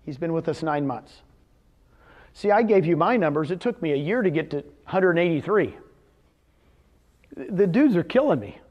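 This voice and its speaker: A man giving a motivational seminar talk in front of a live audience, animated, asking the audience questions and answering them himself. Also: on the high side, moderate pace, pauses often, dull audio. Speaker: presenter at a real estate seminar.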